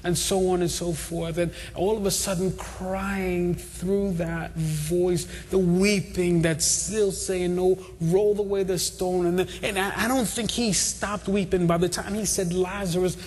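A man's voice: high-pitched, fairly even intonation, measured pace, few pauses, darkish tone. A man preaching a sermon to a congregation, with an impassioned, repetitive cadence. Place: church hall. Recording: long hall reverb.

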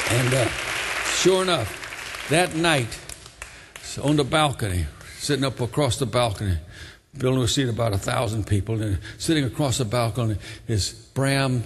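Fervent preacher man, husky voice. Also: mid-range voice, normal speed, in a large hall, some chatter behind. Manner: fervent, exclaims hallelujah between lines. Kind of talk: sermon testimony storytelling.

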